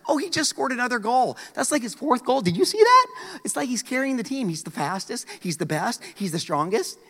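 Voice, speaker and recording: A man's voice: very high-pitched, big pitch swings, brisk, fairly bright tone, long reverb tail, pitched above the performer's own voice, exaggerated voice. A man voicing a boastful, doting middle-aged soccer mom who gushes and brags about her child. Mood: gushing. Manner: gushing, bragging.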